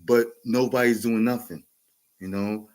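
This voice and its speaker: Here a podcast host in his forties talks in a medium-pitched, darkish voice with fairly even intonation and a measured pace. His New York-accented story rambles casually, with lots of laughter, restarts, and fillers.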